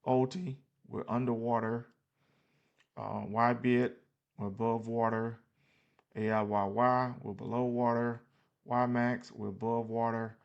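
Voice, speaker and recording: A man's voice: mid-range voice, flat delivery, measured pace, vocal fry, muffled recording. A man casually walking through his investment portfolio on screen, loose and plainspoken with many fillers and restarts, a little tired. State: tired, yawning. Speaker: investing channel host.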